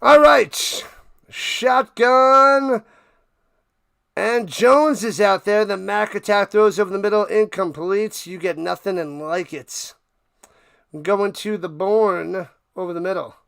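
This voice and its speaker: A man's voice: high voice, steady tone, normal speed, gravelly, clear, resonant tone, no room sound, studio quality. A man hosting a casual live stream, calling football play by play in a playful, hyped way while chatting with viewers. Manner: playful, hyped, talks to chat, sings and riffs.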